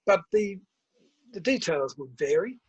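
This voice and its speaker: An older man, a guest author and principal telling stories in a measured, reflective interview. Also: high-pitched, expressive, husky, lo-fi sound. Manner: measured storytelling, tells anecdotes.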